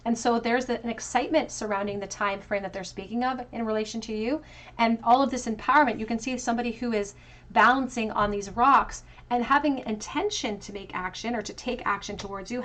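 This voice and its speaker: A woman giving a tarot pick-a-card reading, musing aloud over each card with casual fillers. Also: medium pitch. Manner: musing, talks through card meanings with soft fillers. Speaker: tarot reader.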